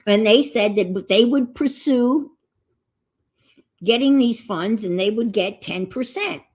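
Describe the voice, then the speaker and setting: A middle-aged woman chatting casually as she crafts on a stream, telling rambling stories. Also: medium pitch. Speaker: crafting vlogger.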